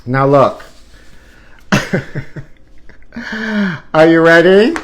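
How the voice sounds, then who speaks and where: A man's voice: mid-range voice, animated, slight background noise. Campy, flamboyant man hosting comedy. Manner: flamboyant, drawn-out words, sudden squeals. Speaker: comedy show host. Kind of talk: campy live comedy chat.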